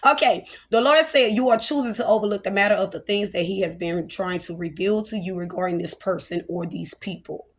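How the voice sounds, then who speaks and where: A woman's voice: mid-range voice, a little fast, few pauses. A woman prophetess giving a spoken prophetic message, chatty and playful, with church exclamations.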